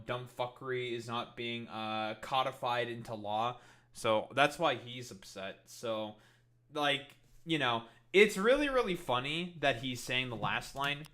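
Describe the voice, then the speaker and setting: A man's voice: medium pitch, sharp tone. A young man streaming, chatting casually in a rambling, sarcastic way with lots of swearing. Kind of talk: casual live-stream commentary.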